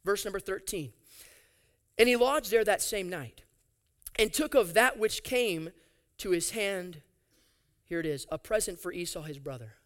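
A man preaching a sermon, reading scripture aloud and adding animated, sarcastic asides. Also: sits high, unhurried, pauses often. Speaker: pastor.

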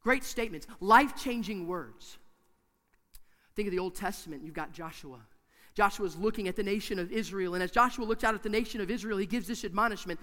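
A man's voice: high-pitched, brisk. Emphatic male preacher in a reverberant hall. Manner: emphatic, repetitive preaching with swings from hushed to loud. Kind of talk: sermon.

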